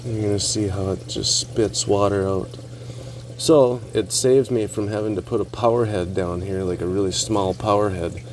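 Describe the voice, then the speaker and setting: A man vlogging a casual walkthrough of his home reef tank equipment, relaxed and rambling with fillers and asides. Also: lowish voice, moderate pace, background noise. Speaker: aquarium hobbyist vlogger.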